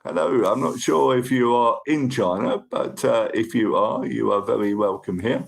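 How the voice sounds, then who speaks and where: A man from the UK with a British accent, hosting a livestream and chatting casually through viewer comments, upbeat and a bit overexcited, his voice croaky. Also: fairly low pitch, moderate pace. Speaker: livestream host.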